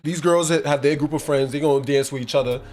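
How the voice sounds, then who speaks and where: Rambling man, fairly high voice. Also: steady tone, quick pace, darkish tone. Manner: rambling, repeats "you know what I mean". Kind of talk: casual chat.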